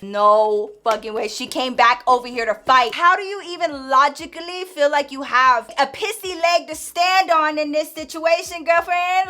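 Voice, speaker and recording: A woman tells a story to her camera in a casual, gossipy way, full of slang and blunt swearing. Her voice sits high and sounds bright, and she jumps into her friends' voices as she retells what they said. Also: moderate pace, few pauses. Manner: animated gossipy retelling, acting out friends' lines. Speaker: vlogger.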